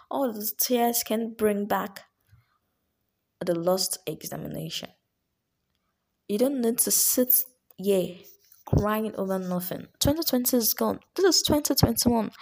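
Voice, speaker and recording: A woman's voice: mid-range voice, a little mellow, breathy edge. A woman voicing an upbeat young friend giving an earnest, coaxing pep talk.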